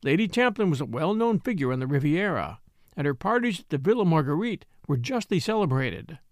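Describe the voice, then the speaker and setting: A man narrating a novel as an audiobook reader, in an expressive storytelling manner. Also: a little high, fairly quick, no echo, studio quality. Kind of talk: scripted narration.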